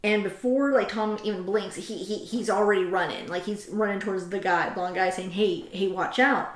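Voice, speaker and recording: A woman of middle pitch hosts a casual chat, retelling a story with lively energy and stopping to read passages aloud. Her voice carries a roomy echo. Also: a little fast. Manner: animated retelling, reads quotes aloud. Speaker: host.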